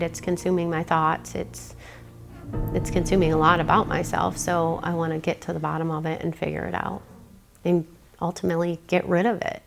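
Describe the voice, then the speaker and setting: Scared woman describing a haunting; low, gravelly voice, rambling and swearing. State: frightened. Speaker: homeowner reporting a haunting. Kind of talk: casual interview.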